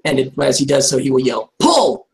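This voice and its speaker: A man's voice: mid-range voice, fairly even intonation, fast, creaky, darkish tone, poor audio. A man narrating a tabletop game in a rambling, casual way with many fillers.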